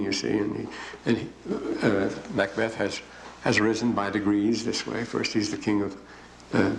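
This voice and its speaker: An older man giving a rambling, digressive classroom lecture with frequent pauses. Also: lowish voice, gravelly. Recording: echoey room, faint hiss.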